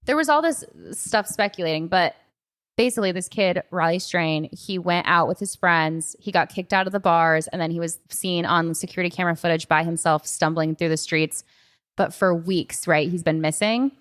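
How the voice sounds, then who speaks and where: Through a podcast microphone, a young adult woman chats casually as host, rambling with heavy use of the filler "like". Her voice is fairly low and fairly bright, at normal speed.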